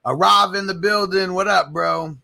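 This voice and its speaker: A man hosting a casual live stream, answering viewers and giving hyped shout-outs. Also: high voice, moderate pace, vocal fry. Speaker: livestream host.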